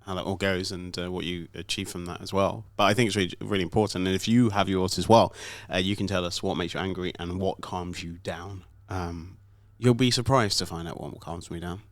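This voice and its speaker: A man's voice: low-pitched, fairly even intonation, brisk, hardly any pauses, dry recording. A British man co-hosting a podcast, chatting casually with many small hesitations. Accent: British English. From Britain. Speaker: podcast co-host. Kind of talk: casual chat.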